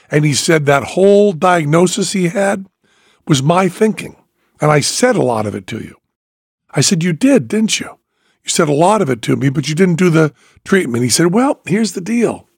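An older man tells a long story in casual chat, with a gravelly, husky voice that sits a little high. His throat is sore, and he slips into the voices of the people in the story as he goes. The sound is close and dry. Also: no room sound. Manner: animated storyteller acting out other people's lines. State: sore throat after a procedure. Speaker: podcast host.

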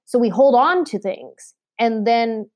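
A woman in casual conversation about faith, telling stories with lively acted-out quotes. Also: on the high side, slow, dry recording. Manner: animated storyteller, acts out quotes. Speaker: podcast guest.

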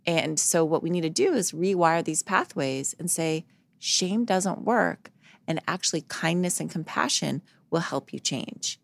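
A woman's voice: low-pitched, normal speed, gravelly, few pauses, no room sound. A woman psychologist, a guest in a podcast interview, telling stories earnestly and acting out the quoted dialogue.

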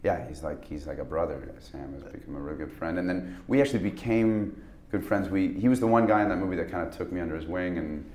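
A man's voice: low voice, quick pace, a little mellow. A man, an actor, chatting casually in an interview, rambling with restarts and laughing as he tells stories. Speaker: actor guest. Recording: roomy echo.

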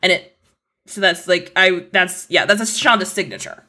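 A woman's voice: fairly low pitch, moderate pace, sharp tone. A young adult woman, an entertainment journalist guest, chatting casually and rambling with many "like" fillers. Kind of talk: casual podcast chat.

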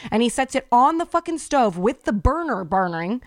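A woman co-hosting a podcast in casual chat, telling stories in an animated, profane, ranting way. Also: fairly high pitch, normal speed, dry recording, clean studio sound. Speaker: podcast co-host.

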